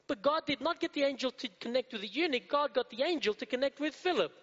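Man preaching, rhetorical questions, high-pitched, long hall echo. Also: big pitch swings, fast, hardly any pauses, fairly bright tone. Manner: rhetorical questions, repetition, asks the audience. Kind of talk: sermon to a congregation. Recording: dull, muffled sound in a reverberant hall.

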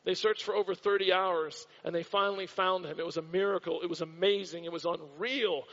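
A man's voice: high-pitched, steady tone, fairly quick, fairly bright tone. A man from the United States preaching a sermon in a church, telling a story with dramatic repetition. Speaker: pastor. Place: church hall. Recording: dull recording with long hall reverb.

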